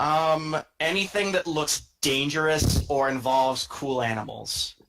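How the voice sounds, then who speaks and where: A man with a gravelly, creaky voice plays a tabletop game in a casual, rambling way. Clear background noise and clicks run under his recording. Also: a little high, measured pace, fairly bright tone, low-quality recording. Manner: hesitant, rambling with many likes. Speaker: player.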